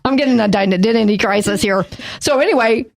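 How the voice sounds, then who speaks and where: A Texas-accented woman co-hosts a Bible study podcast, chatting casually in a rambling, self-deprecating way. Her voice is gravelly, a little high, and fairly quick.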